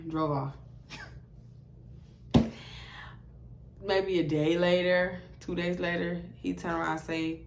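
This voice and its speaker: A woman's voice: fairly low pitch, unhurried, pauses often, echoey room, a little hiss or hum. A young woman, telling a blunt, profane story to camera and acting out both sides of the dialogue. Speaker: storytime vlogger.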